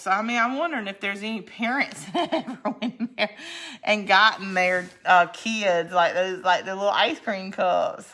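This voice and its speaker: A woman's voice: medium pitch, moderate pace. A middle-aged woman, chatting in a rambling way and laughing often as she hosts a crafting video. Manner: chatty and rambling, laughs often, drops to a quiet count under her breath. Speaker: crafting channel host. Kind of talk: casual chat while crafting.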